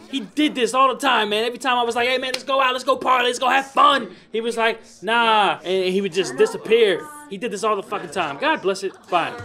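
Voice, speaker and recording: A man's voice: high-pitched, fairly bright tone. Cursing man narrating a life-sim game. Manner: rambling, cursing, laughing often, mocking the game's characters. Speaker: gamer. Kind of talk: profane Let's Play commentary.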